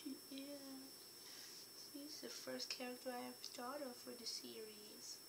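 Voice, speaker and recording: A young woman with a slightly hoarse voice, chatting casually and rambling about the characters she has written, with jokey asides. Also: high-pitched, steady tone, a little slow, heavy background noise. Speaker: writer describing her characters. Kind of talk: casual chat.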